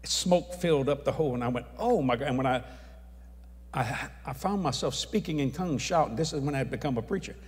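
A man telling a testimony story as an evangelist, acting out the people in it and raising his voice at the high points. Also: brisk. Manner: animated, acts out dialogue, shouts at climaxes. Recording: long hall reverb.

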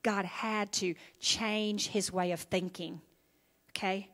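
This evening sermon comes from a woman pastor in a church sanctuary, her mid-range, slightly bright voice slow and fairly even in intonation. She preaches conversationally and checks in often with "okay?" and "right?".

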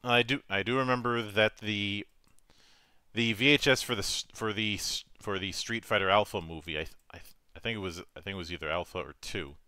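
Low crisp-voiced man, stammering host. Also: brisk, sharp tone, no room sound, clean studio sound. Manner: stammering restarts, repeats words. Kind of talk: casual interview chat.

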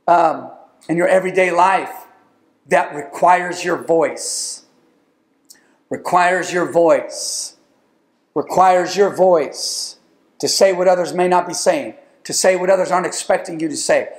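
High gravelly man preaching in an echoey church. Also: brisk. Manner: emphatic preaching with rising calls to the congregation. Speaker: pastor. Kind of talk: sermon. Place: church sanctuary.

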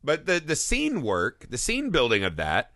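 Co-hosting a film podcast, a man chats casually and profanely about a movie, acting out its lines. He's animated, with a fairly high voice at normal speed. The sound is clean studio audio with no echo.

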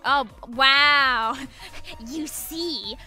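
A woman streaming a video game, chatting casually to viewers in an excitable, giggly way and cooing over cute things. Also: high voice, drawn-out words, soft background music. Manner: excitable, giggly, coos at the cute dog, squeals "no!". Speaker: gaming streamer. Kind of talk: casual let's-play commentary.

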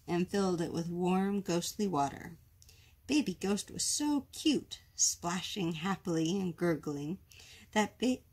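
Woman, storytime reader, slow, husky, very lively pitch, picture-book read-aloud. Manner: slow, expressive read-aloud with character voices.

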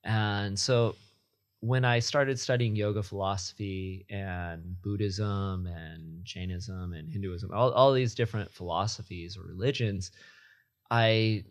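A man's voice: deep voice, fairly even intonation, slow pace. A man speaking as a podcast guest, a yoga teacher talking reflectively and matter-of-factly in casual conversation. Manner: reflective, frequent restarts, matter-of-fact.

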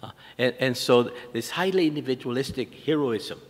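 An older man, a priest giving a lecture, speaks in a mid-range voice. He tells stories loosely, with many fillers, restarts and soft chuckles. His voice rings with the long reverb of a lecture hall. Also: mid-range voice, moderate pace. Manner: anecdotal, warm chuckles, frequent restarts and "uh" fillers. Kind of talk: storytelling lecture.

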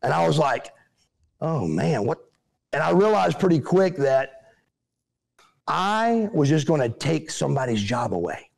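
A middle-aged man tells his stories as an interview guest, with a gravelly, slightly high voice. He is animated and acts out what others said in put-on voices. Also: normal speed. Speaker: interview guest, former pro wrestler. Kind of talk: casual storytelling.

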